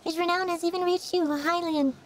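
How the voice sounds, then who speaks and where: A man voicing a young female fish fan who gushes with excitement. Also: extremely high pitch, fairly quick, poor audio. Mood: gushing. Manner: gushing and excitable. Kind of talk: voicing game dialogue on a stream.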